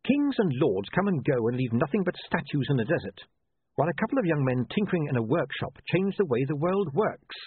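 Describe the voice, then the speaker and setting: A man reading aloud gives voice to a cold, calculating ruler who weighs every word. His delivery is precise and sardonic, with a lively rise and fall. The voice is husky and sounds thin, as if over a phone line. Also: fairly high pitch, no echo, voice pushed up. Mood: measured. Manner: precise, measured, dryly sardonic. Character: cool, calculating male city ruler.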